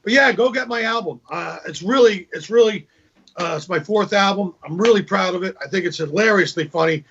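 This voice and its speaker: A man's voice: sits high, fairly quick, vocal fry, a bit bright, slight background noise. A male comedian talking casually on a video call as a guest, telling a long joke with repeated words. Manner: storytelling, acts out joke voices, repeats words. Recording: dull lo-fi video call audio.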